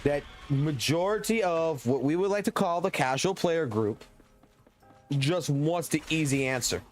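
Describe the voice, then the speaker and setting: A young man from Louisiana with a Southern accent, ranting loudly and profanely while chatting on a live stream. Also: fairly high pitch, unhurried, faint music behind. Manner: loud, profane, energetic ranting. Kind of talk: casual ranting stream chat.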